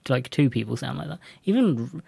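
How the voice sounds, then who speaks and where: An English man in casual podcast chat, his voice mid-pitched and recorded close and dry with no room around it. He rambles, restarts sentences and laughs easily. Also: lively intonation, normal speed, vocal fry, dark tone, slightly rough, dry recording. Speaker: podcast co-host.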